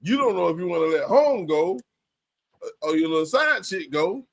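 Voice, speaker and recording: A man's voice: sits high, big pitch swings, moderate pace, gravelly, fairly bright tone. A man co-hosting a casual podcast, talking crudely with an emphatic drawl. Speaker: podcast co-host. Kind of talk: candid casual podcast chat.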